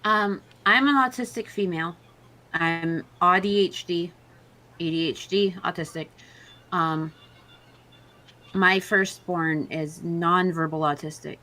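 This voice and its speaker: A woman with a lowish voice hosts a podcast in casual chat. She speaks openly and earnestly, with plenty of ums as she builds her point. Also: slow, pauses often, sharp tone. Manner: earnest, outspoken. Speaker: podcast host.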